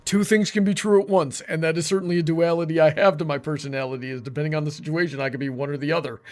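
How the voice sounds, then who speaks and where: A man's voice: fairly high pitch, fairly even intonation, very fast, darkish tone. A man hosting a casual livestream chat, rambling along with lots of fillers and restarts. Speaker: livestream host.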